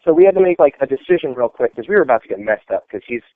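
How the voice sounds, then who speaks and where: A man's voice: medium pitch, animated, very fast, dry recording. A man, an army veteran, telling stories in a casual, rambling way full of "like" and "you know". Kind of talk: casual storytelling. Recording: tinny phone-like dry sound.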